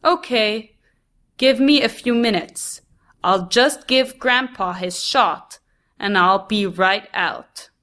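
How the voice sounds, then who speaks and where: A woman voicing a busy, doting older grandmother who fusses over her family. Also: slow pace. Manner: fussy, affectionate, higher and louder than the narration.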